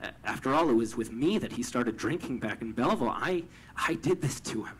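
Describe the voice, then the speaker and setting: A young man from Canada telling a personal story, stammering over repeated words and swinging from hushed to loud with emotion. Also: mid-range voice, animated, a little fast, slight background noise, low-quality recording.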